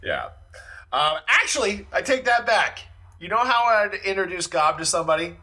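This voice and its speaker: A man co-hosting a casual music podcast, retelling comedy bits with animated impressions. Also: sits high, moderate pace. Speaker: podcast co-host. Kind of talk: casual chat.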